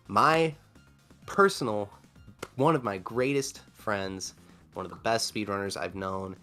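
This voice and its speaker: A man with a low-pitched voice hosts a game livestream. He stretches out his words with emphasis as he announces. Faint music plays behind him. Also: a bit bright. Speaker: stream host. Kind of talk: livestream countdown hosting.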